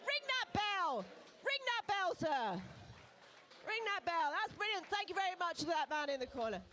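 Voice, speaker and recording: A woman with a high, bright-pitched voice works a live charity auction in a pub. She calls each bid briskly and coaxes and teases the bidders with playful banter. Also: very animated, noisy background. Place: pub event room.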